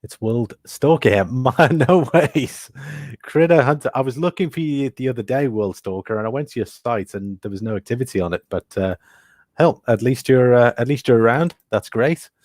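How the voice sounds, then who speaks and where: A man's voice: medium pitch, fairly quick, a little mellow, dry recording, studio quality. A British man hosting a casual livestream about metals prices, thinking aloud with many fillers and reading out viewer comments. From Britain. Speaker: livestream host.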